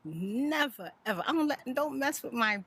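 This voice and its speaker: A woman telling a story in a soft-spoken, chatty, animated way. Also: high voice, moderate pace, breathy edge. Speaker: ASMR vlogger. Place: home in Houston.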